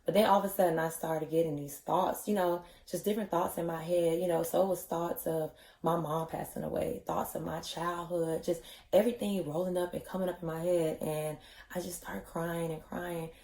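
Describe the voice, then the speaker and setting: A woman's voice: on the low side, flat delivery, normal speed, dark tone. Candid woman vlogging in an echoey room. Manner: chatty, candid, many "you know" fillers. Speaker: vlogger, yoga instructor trainee. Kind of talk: casual personal vlog.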